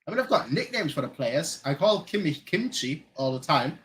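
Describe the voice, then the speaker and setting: A German-born man hosting a live football watchalong, his voice sitting a bit higher than most men's. He talks loosely and rambles, circling back over his own phrases and leaning on filler words. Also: very animated, moderate pace, fairly bright tone, poor audio. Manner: rambling, repeats phrases, frequent "like". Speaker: fan channel host. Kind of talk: casual live watchalong chat. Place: lives in Manchester.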